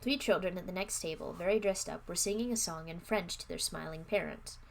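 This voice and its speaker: A woman reading a children's novel aloud live, expressive, with small self-corrections. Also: fairly low pitch, brisk, vocal fry, slight background noise. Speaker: reader.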